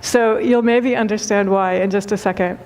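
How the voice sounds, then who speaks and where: A woman spiritual teacher giving a talk and telling a story, speaking gently with repeated phrases and frequent laughter. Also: medium pitch, steady tone, normal speed. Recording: long hall reverb.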